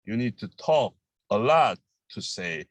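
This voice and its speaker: Brief: man in his own voice, Korean accent, fairly low pitch, dry close sound, patient teacher drilling phrases over and over. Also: big pitch swings, dry recording. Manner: halting, repeats each phrase slowly for practice. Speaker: language teacher. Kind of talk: language lesson.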